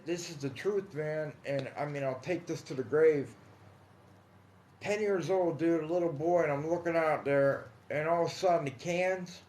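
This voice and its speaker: A man casually telling his own paranormal experiences on a livestream, calling his listeners guys and dude, hushed in some stretches and emphatic in others. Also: a little high. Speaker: paranormal storyteller. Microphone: phone or computer mic on a livestream. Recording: echoey room.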